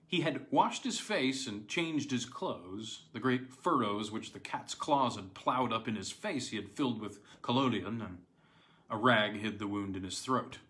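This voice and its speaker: Low-voiced man reading a classic tale. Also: animated, a bit bright. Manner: measured, dramatic storytelling with slight stumbles. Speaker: audiobook reader. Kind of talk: audiobook narration of a classic tale.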